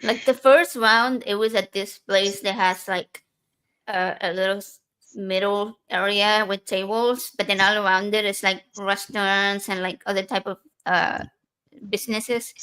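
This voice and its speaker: Casting: chatty, giggly woman host, mid-pitched voice, relaxed podcast banter. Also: measured pace, clear, resonant tone, rough recording. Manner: giggly, chatty, restarts often. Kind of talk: casual chat.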